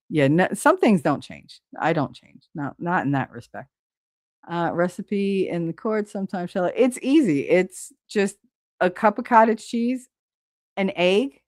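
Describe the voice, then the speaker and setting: A woman's voice: medium pitch, expressive, normal speed, darkish tone, dry recording, studio quality. A middle-aged woman hosting a live stream, chatting casually and bluntly, swearing freely while she reads viewers' comments.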